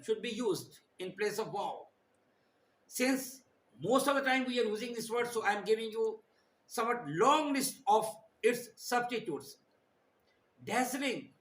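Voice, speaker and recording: A man with a fairly high, lively voice teaches English vocabulary, listing each word slowly and deliberately. The sound has a roomy echo to it. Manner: slow, deliberate listing of words. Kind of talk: vocabulary lesson.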